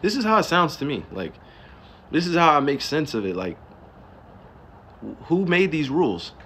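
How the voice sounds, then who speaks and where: A pro athlete and livestreamer from Newark, New Jersey, rants casually on a livestream in a fairly bright, high voice with big pitch swings at normal speed. He fires off rhetorical questions and curses for emphasis. There's a little hiss or hum.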